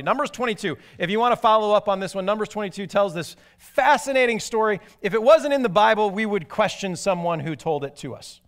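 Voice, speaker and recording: A man preaching a sermon, telling stories animatedly and moving from excited to hushed and grave. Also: high voice, clear, resonant tone. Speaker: pastor.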